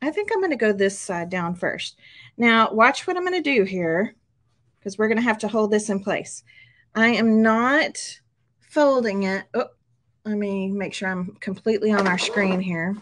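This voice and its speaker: A woman's voice: mid-range voice, moderate pace, a bit bright. A middle-aged woman hosting a casual craft tutorial at her table, chatty and upbeat, often checking in with her viewers. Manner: chatty and upbeat, frequent "okay?" check-ins and laughs.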